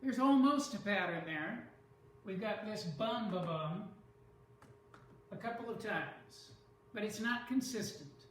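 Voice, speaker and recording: Slow careful teacher explaining poetry, sounds far from the mic in a really echoey room. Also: medium pitch, animated, a bit bright, a little hiss or hum. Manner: slow, deliberate, stresses syllables aloud. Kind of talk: classroom lesson on poetry.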